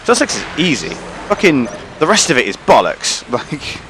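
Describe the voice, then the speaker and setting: A man's voice: medium pitch, huge pitch swings, moderate pace, fairly bright tone. Guy, casual gameplay chat, rambling, casual swearing, background noise. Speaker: game streamer.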